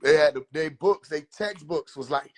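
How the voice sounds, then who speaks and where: A young man talks straight into his phone during a live stream, his voice sitting a little high. He rambles in a loose, animated, profane way. He keeps breaking into quick quoted voices of other people. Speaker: livestreamer. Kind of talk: rambling casual livestream monologue.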